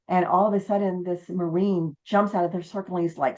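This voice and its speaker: A woman's voice: on the low side, a little fast, few pauses, dull audio. A woman who owns a haunted inn, telling stories in a casual interview and acting out the quotes. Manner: animated storyteller, acts out quotes. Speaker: haunted inn owner and guest.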